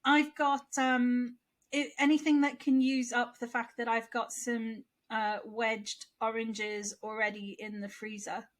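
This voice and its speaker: Woman podcast co-host, slightly high voice, rambling chatty delivery, lingering cough. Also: flat delivery, unhurried. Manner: chatty, rambling, asks questions aloud. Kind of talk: casual chat.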